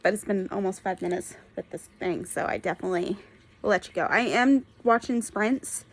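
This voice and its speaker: A young woman records a casual book vlog update, her voice sitting at an ordinary middle pitch. She sounds earnest and openly emotional. She rambles and restarts her sentences as she works through her thoughts. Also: moderate pace. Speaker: book vlogger.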